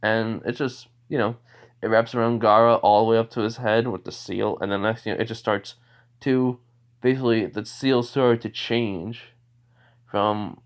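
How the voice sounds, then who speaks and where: A man's voice: lowish voice, fairly even intonation, moderate pace, clean tone. Rambling young man retelling a fan story. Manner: rambling, many fillers and restarts, laughs often. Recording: dull lo-fi recording.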